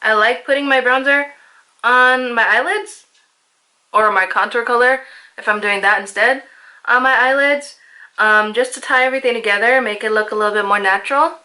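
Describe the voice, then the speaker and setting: Bright-voiced chatty woman beauty vlogger. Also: on the high side, moderate pace. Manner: chatty, self-deprecating, lots of "like". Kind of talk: casual makeup tutorial voice-over.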